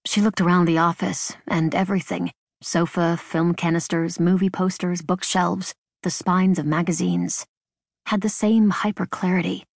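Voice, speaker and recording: Low-voiced woman narrating an audiobook. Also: steady tone, normal speed, vocal fry, no echo. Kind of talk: scripted narration. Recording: dry studio booth.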